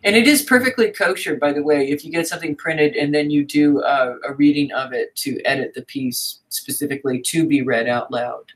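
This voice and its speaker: A woman's voice: low-pitched, brisk, hardly any pauses, low-quality recording. A woman teaching a writing class in a frank, chatty way, with fillers and asides. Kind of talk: casual teaching talk.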